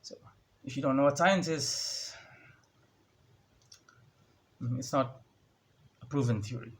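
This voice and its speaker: A young man with a mid-range voice speaks slowly, ranting sarcastically into a phone indoors at home. This vlogger's casual monologue includes mimicking others in a raised voice.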